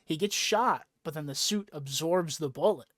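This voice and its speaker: A man's voice: a little high, moderate pace, a bit bright, no echo, studio quality. A young man hosting a casual podcast chat, rambling with lots of fillers and swearing freely as he recaps a story. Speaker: podcast host.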